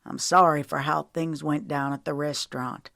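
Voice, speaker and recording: A woman's voice: low-pitched, steady tone, normal speed, vocal fry, a bit bright, dry recording, clean studio sound. A woman voicing an older, remorseful husband who turns earnest and drawling in an audiobook romance. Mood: apologetic.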